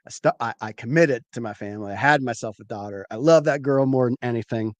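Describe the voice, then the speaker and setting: A man hosting a show, telling a rambling, animated personal story with swearing. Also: medium pitch, fast, no room sound. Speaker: show host, former comedian. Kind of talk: casual storytelling.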